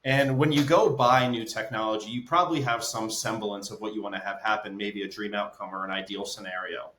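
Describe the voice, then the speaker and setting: A man's voice: on the low side, fairly even intonation, fairly quick, a bit bright. Man explaining in a roomy echo. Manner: explains with stories, frequent "right?" check-ins. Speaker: guest, business consultant. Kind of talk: conversational interview.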